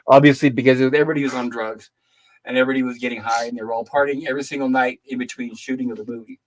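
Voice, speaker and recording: A man's voice: mid-range voice, low-quality recording. An older man hosting a casual chat, telling stories and stating blunt opinions in a rambling way. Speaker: host.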